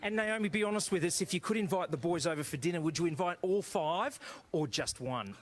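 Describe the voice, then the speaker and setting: A man hosting a TV interview, brisk and upbeat as he brings in fan questions. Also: high-pitched, lively intonation. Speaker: TV interview host.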